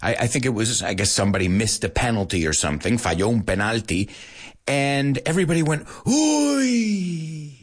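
Lively American man hosting a show. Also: fairly low pitch, quick pace. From United States. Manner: animated, playful, mixes Spanish in. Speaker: radio show host. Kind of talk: casual chat to Spanish-speaking learners.

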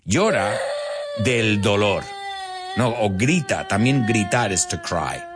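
A man teaching English to Spanish speakers, animated, explaining and repeating words as he goes. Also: fairly low pitch, a little slow, long pauses. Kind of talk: bilingual language lesson.

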